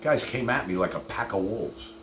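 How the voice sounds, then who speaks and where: Animated male livestream host. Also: fairly low pitch, moderate pace, echoey room, a little hiss or hum. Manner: animated, talks straight to his chat. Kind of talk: casual livestream chat.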